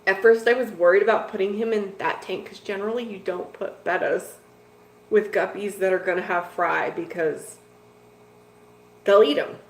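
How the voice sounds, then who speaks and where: A woman's voice: medium pitch, fairly even intonation, normal speed. Chatty woman in an echoey room. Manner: rambling and chatty, with lots of "like" and "dude". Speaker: host of a fish-keeping live stream. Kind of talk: casual live-stream chat, answering viewers. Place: home room with fish tanks. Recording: echoey room with faint noise.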